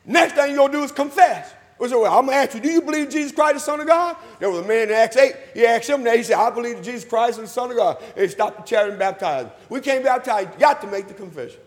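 A man preaching a sermon, calling for responses, repeating his phrases and rising to loud emphatic peaks. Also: extremely high pitch, expressive, fast, hardly any pauses, in a large hall. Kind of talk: sermon with invitation call. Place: church hall.

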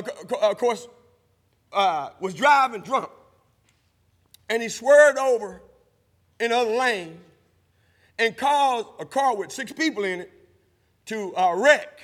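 A man preaching a sermon, using call-and-response and rising to shouts, in a church sanctuary. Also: very high-pitched. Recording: long hall reverb.

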